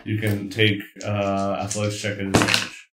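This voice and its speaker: Man, game master, low voice, relaxed explaining, roomy echo. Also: normal speed, heavy background noise. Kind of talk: running a tabletop game.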